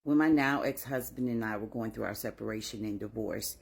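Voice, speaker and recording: A woman telling a personal story in a measured, composed way. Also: very deep voice, vocal fry, darkish tone, husky.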